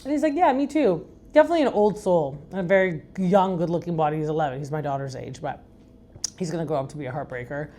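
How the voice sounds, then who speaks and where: A middle-aged woman from Iran with a deep, raspy voice, hosting a podcast in a frank, rambling, chatty way. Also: fast, warm tone. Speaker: podcast host. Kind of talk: casual recap chat.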